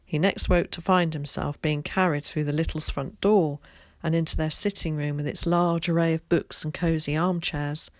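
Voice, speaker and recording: A woman teacher reading a storybook aloud, clear and expressive. Her voice is low and sits close and dry, with no room sound around it. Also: moderate pace, no room sound.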